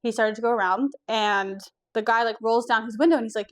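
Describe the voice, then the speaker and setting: A young woman from the US East Coast telling a personal story in a casual vlog, candid and animated, swearing now and then. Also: on the high side, brisk. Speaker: vlogger.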